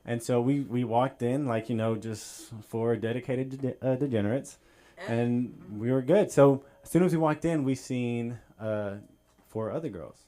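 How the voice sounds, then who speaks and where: A man's voice: mid-range voice, unhurried, mellow. Rambling male stand-up storyteller. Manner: storytelling, loose and rambling with fillers. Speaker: stand-up comedian. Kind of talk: stand-up set. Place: comedy club stage.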